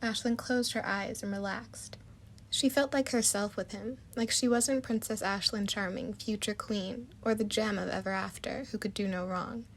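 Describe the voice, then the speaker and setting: A woman narrating a storybook chapter in a soft, even manner. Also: medium pitch, normal speed, slight background noise.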